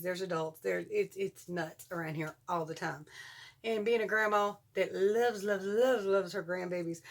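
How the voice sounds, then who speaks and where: A woman in her forties with a Southern US accent, chatting excitedly to her vlog viewers and laughing often. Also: medium pitch, vocal fry. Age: 40s. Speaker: vlogger. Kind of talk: casual chat to camera.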